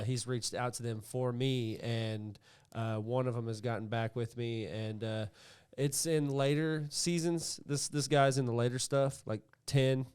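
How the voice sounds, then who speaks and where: A man co-hosts a podcast in casual conversation, stopping and restarting as he goes. His voice is smooth and resonant, at an average pitch. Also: a little mellow. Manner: halting, with many fillers and restarts. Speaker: podcast co-host. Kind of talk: casual chat.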